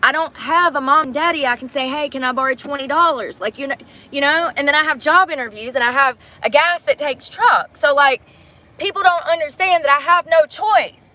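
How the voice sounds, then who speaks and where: A woman's voice: high-pitched, moderate pace, pushed and bright. A woman chatting casually on a phone livestream, blunt and profane as she vents to her viewers.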